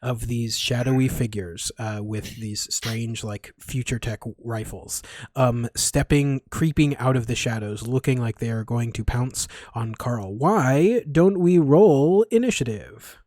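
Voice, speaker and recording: A man narrating as game master of a tabletop game, halting with many fillers and restarts. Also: medium pitch, fairly even intonation, darkish tone, no room sound, clean studio sound.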